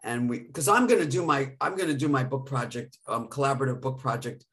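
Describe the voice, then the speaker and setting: A man's voice: mid-range voice, lively intonation, fast talker, a bit bright. A man co-hosting a live podcast, talking in an effusive, emotional, gushing way. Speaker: podcast co-host.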